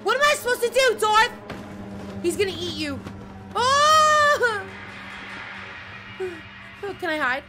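Young woman game streamer, high voice, very animated, swears, yelps, game music behind. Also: fairly quick. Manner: loud, swearing, yelps and screams. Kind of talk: live gameplay commentary.

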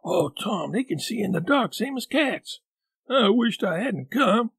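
A high, shaky boy's voice from the backwoods, whispering in thick rural dialect and climbing sharply in pitch as fear takes hold, as a man reads him in an audiobook. He is superstitious and easily spooked, and the sound is close and dry. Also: expressive, normal speed, fairly bright tone, husky, dry recording, exaggerated voice. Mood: terrified. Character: scared backwoods boy, superstitious, rustic.

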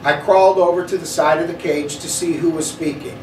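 A man's voice: on the high side, steady tone, brisk, a little hiss or hum. Man reading a children's storybook aloud. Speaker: school superintendent reading a children's book. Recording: echoey room, slightly distant mic.

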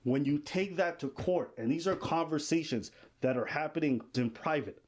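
A man's voice: on the high side, moderate pace. A man co-hosting, explaining a news story step by step to his audience in casual commentary. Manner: explanatory, breaks things down for viewers.

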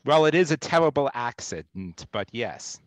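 A man's voice: a little high, lively intonation, normal speed, dry recording. A man performing improv comedy on a video call, wry and hesitant with many fillers.

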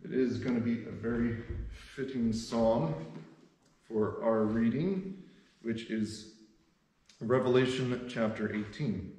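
A man's voice: medium pitch, slow, darkish tone, roomy sound, rough recording. A man leading a devotional as pastor, reading scripture steadily with an occasional filler word.

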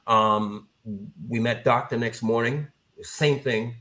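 A man as a podcast guest, telling a story in a casual, animated way and acting out the voices of people he quotes. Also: medium pitch, slow.

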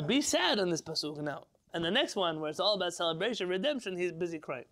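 A man teaching an informal religious class as a rabbi, lively and rhetorical, putting questions to his listeners. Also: sits high, quick pace. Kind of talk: informal Torah lesson to a live class.

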